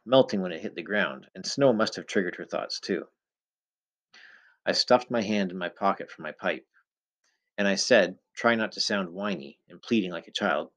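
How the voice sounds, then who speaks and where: Low-voiced man reading a first-person story. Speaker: audiobook narrator.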